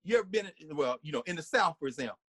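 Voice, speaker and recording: In a rapid-fire, husky voice on the high side, a man gives a lively, conversational lecture full of laughter. He occasionally sings short snippets and does voices, recorded without echo.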